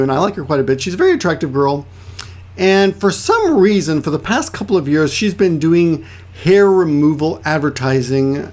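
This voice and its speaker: A man giving a chatty, rambling language lesson, often restarting and adding asides. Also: on the high side. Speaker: Japanese language teacher. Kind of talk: casual explanatory lesson.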